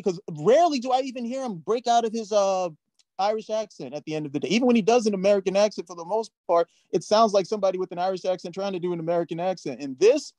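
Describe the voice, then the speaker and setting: A man with a high voice talks quickly and emphatically while co-hosting a film review chat. His voice is close and dry, with no room sound around it. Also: dark tone, no echo. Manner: emphatic, enthusiastic praise. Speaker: co-host.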